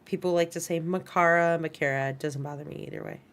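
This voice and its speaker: Low-voiced chatty woman teacher. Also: fairly even intonation, very fast, dark tone, slight background noise. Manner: chatty, informal, talks to students in chat. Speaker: animation instructor. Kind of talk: online class screen-share walkthrough.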